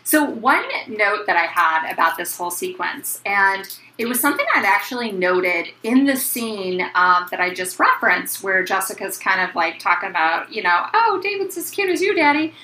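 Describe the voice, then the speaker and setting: A bright, forceful woman talks through a book in casual chat, full of fillers. Her voice rings in an echoey room with a faint hiss behind it. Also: mid-range voice, normal speed, hardly any pauses. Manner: chatty, reads passages aloud, many fillers. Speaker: book podcast co-host.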